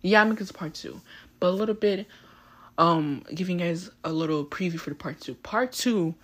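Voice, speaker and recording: A teenage girl hosting a podcast, telling a story in a chatty, animated way full of fillers. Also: lowish voice, a little fast. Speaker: podcast host. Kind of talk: casual storytelling.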